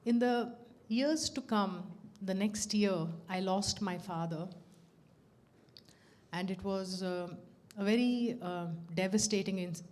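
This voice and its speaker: A woman's voice: medium pitch, slow. Laughing woman telling a story. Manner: animated, laughs often, acts out quoted dialogue. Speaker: speaker at a devotional center. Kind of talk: personal storytelling talk.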